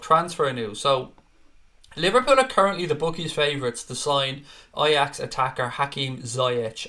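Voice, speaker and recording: Bright-voiced sweary male stream host. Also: mid-range voice. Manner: sweary, reads viewer comments aloud. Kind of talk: casual live stream chat.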